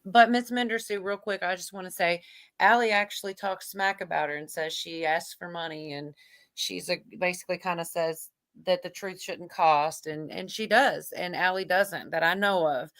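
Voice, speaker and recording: A woman with a lowish voice chats quickly with friends, thoughts spilling out and trailing off. Her voice is close and dry. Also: steady tone, fairly bright tone, no room sound. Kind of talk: casual group chat.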